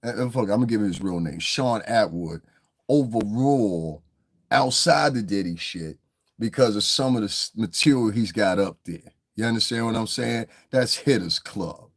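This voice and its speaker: A man's voice: lowish voice, animated, moderate pace. A man in a casual livestream rant, talking in a blunt, heated, profane way as the show's commentator.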